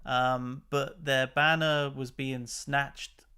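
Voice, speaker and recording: A man's voice: mid-range voice, flat delivery, takes it slowly, sharp tone, clear, resonant tone. A man hosting a channel, chatting casually and with exasperation as he comments on news clips. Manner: chatty and exasperated, laughs between remarks. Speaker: channel host.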